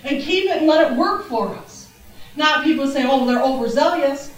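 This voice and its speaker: A middle-aged woman preaching a lively testimony in a church, laughing and calling out praises. Her voice is high and bright. She sounds far from the mic, and a long, heavy echo fills the room. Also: moderate pace, faint music behind. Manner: exuberant, laughing, shouting praises. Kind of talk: testimony sermon. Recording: very echoey church, distant mic.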